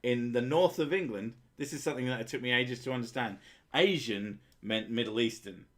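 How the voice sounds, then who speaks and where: A man's voice: medium pitch, brisk, fairly bright tone. A man hosting a podcast, talking in a blunt, sweary and opinionated way in casual chat. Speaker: podcast host.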